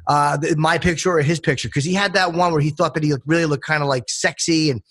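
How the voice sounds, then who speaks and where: A comedian guest joins a podcast and talks in a blunt, wry way, throwing in crude jokes. His voice sits a little above average pitch for a man. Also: steady tone, quick pace, a bit bright. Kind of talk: casual chat.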